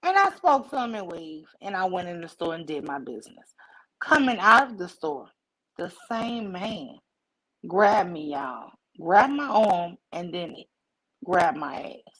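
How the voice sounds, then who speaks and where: A woman livestream host telling a personal story to her chat in a casual, animated way, acting out the voices in it. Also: fairly low pitch, a little slow, low-quality recording. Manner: animated, acts out quoted voices.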